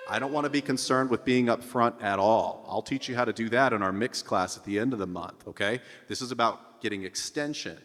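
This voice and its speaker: A man teaching a singing lesson, explaining techniques between high vocal demonstrations and checking in with his students. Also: fairly quick, hardly any pauses, fairly bright tone, in a large hall. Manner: sings high falsetto vowel drills between explanations; encouraging, checks in with "okay?". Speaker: vocal coach.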